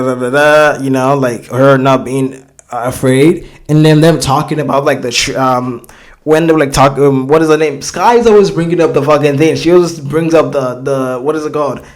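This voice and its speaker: A man's voice: fairly high pitch, fairly even intonation, moderate pace. A man hosting a reaction video, talking casually and rambling, swearing a lot and often searching for words.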